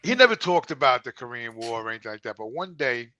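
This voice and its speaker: A man's voice: medium pitch, very animated, quick pace, bright, forceful tone, dry recording, highs cut off. A man, telling a long personal story on a podcast and rambling with lots of "you know.". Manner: rambling, repeats words and says "you know" a lot. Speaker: podcast co-host. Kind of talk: casual storytelling chat.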